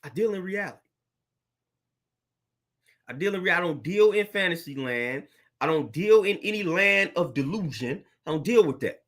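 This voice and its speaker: A man's voice: high voice, animated, moderate pace, long pauses, fairly bright tone. A young adult man, a fitness trainer, ranting bluntly and preachily to camera, repeating himself and using slang. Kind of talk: blunt motivational rant to camera.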